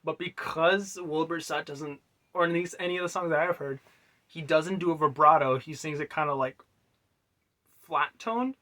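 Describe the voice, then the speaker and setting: A man casually explaining how he made his own song, rambling loosely with many fillers and quiet trailing asides. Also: on the high side, moderate pace. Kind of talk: casual music breakdown.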